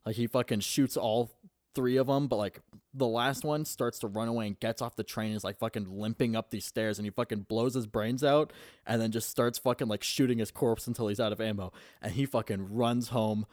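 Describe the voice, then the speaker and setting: A man's voice: mid-range voice, steady tone, a little fast, darkish tone, no room sound, clean studio sound. A young man casually recapping a movie in a rambling, profane way, full of fillers.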